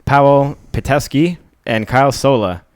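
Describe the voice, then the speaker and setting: A man's voice: mid-range voice, normal speed, smooth. A young man co-hosting a live podcast, talking loosely, laughing often and swearing freely. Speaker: podcast co-host. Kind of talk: casual live podcast chat.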